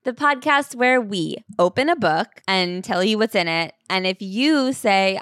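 A woman's voice: medium pitch, animated, slow, hardly any pauses, a bit bright, dry recording. A woman co-hosting a podcast in casual chat, playful and laughing, on a close mic. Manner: chatty, laughing, playful asides. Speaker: podcast co-host.

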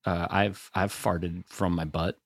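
A man co-hosting a podcast, chatting casually with deadpan humor. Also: low voice, takes it slowly, dry recording, clean studio sound. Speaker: podcast co-host.

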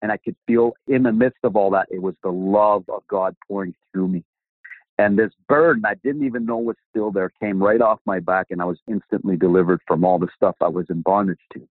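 Low-voiced man telling a testimony. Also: brisk, no echo. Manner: animated storyteller acting out quoted dialogue. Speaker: guest. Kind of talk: personal testimony storytelling. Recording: dry, phone-like line.

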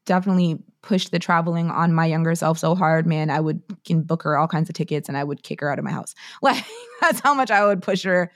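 A woman from Canada in her thirties, an author talking candidly and bluntly in an interview, with plenty of slang and swearing. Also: lowish voice. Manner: blunt, profane and emphatic, full of slang. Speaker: author and podcast guest.

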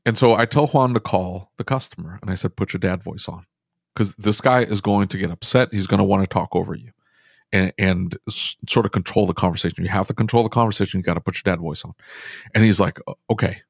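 Animated, low-voiced man telling a story. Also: fast talker, gravelly, slightly rough, no echo, clean studio sound. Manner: animated storytelling, frequent restarts. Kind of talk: casual podcast conversation.

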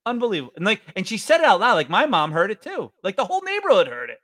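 A man in his forties from New York State tells stories in a lively voice that jumps all over its range. He sounds close and dry, with no room around him. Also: fast, no echo. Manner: animated storyteller, jumps up in pitch. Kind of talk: casual chat.

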